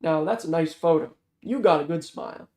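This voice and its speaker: A man's voice: fairly high pitch, normal speed, a little mellow, close to an everyday voice. A man voicing a blunt, teasing seventy-year-old security guard and former patrol cop with a Philadelphia accent, in a read-aloud novel. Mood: gruff teasing. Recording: roomy echo.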